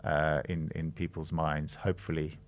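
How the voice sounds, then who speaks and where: A man's voice: extremely low pitch, flat delivery, moderate pace. A middle-aged man from the Netherlands, a design studio's creative director, speaking as a guest in a podcast interview, thoughtful and hesitant with frequent restarts.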